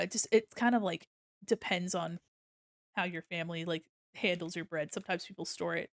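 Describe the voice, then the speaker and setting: Giggly woman streamer with a gravelly edge. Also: lowish voice, no room sound, studio quality. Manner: chatty and giggly, explains her steps as she works. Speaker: art streamer. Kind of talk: casual livestream chat while drawing. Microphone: desk microphone.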